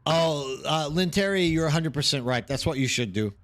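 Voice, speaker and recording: A man's voice: on the high side, animated, normal speed, fairly bright tone. A man chatting casually on a live stream while gaming, rambling and reacting to chat. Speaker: streamer hosting a watch party.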